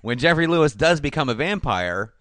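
A man's voice: a little high, a little fast, no echo. A man co-hosting a casual film review podcast, talking with enthusiasm and plenty of swearing. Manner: enthusiastic, profane, lively storytelling. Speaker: podcast co-host.

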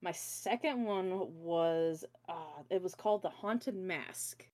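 A woman's voice: on the low side, slow, darkish tone. Woman thinking aloud in casual chat. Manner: thinks aloud, searching for words.

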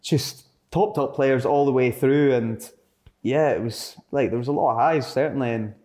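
A man's voice: medium pitch, moderate pace, darkish tone. A young adult man with a Scottish accent, telling stories in a casual interview and rambling with fillers and restarts. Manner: rambling, lots of fillers and self-corrections. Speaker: interview guest, footballer. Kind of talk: casual storytelling chat.

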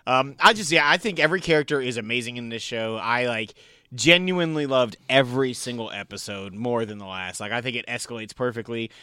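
A man co-hosting a casual podcast, excitable and laughing as he talks through a TV show, swearing freely. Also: medium pitch, a little fast, clean tone, no room sound, clean studio sound. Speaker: podcast co-host. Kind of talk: casual chat reviewing a TV show.

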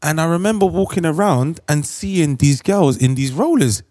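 A young man with a South London accent, chatting excitably as a podcast co-host, full of slang. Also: fairly high pitch, moderate pace, no room sound, studio quality. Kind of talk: casual chat.

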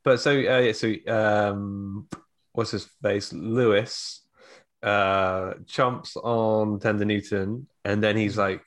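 A man chatting casually with friends, halting with fillers and dropping wry asides. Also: fairly low pitch, steady tone. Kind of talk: casual chat.

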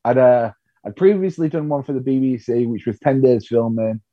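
A man's voice: mid-range voice, moderate pace, dry recording, muffled recording. A male comedian, telling stories candidly and with self-deprecating humour in a podcast interview. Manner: self-deprecating, animated storytelling. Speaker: comedian guest.

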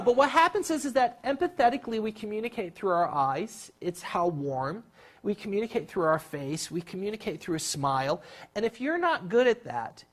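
Animated workshop leader guiding a group. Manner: animated, acts out scenes with big jumps in pitch; repeats words and restarts often. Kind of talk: guided group exercise talk. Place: room with a live group.

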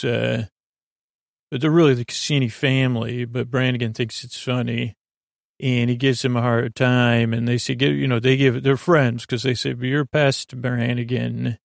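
A man hosting a bedtime podcast, retelling a TV episode in a rambling, halting way full of fillers and restarts. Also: mid-range voice, vocal fry, no room sound, clean studio sound. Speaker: podcast host. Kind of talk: sleepy bedtime episode recap.

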